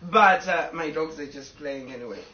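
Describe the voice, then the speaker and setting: A woman's voice: low-pitched, moderate pace, pushed and bright, distant mic, lo-fi sound. Emotional woman on a roomy live stream. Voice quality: emotional, rambling. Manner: talks to fans, stops to scold her dogs. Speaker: social media personality. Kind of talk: casual live video to fans. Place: home with a fireplace.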